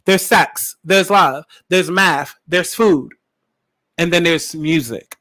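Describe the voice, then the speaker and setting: A man's voice: on the high side, slow pace, pushed and bright. A man giving casual pop culture commentary in a sassy, profane, emphatic way, repeating lines for punch. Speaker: commentary vlogger.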